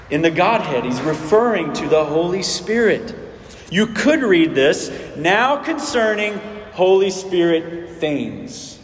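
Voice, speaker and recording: A man delivers a sermon in a relaxed, conversational way, tossing rhetorical questions at his listeners and restarting phrases as he goes. His voice sits a little high for a man. The sound is roomy, with a long reverb tail from the church hall. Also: slight background noise. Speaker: pastor.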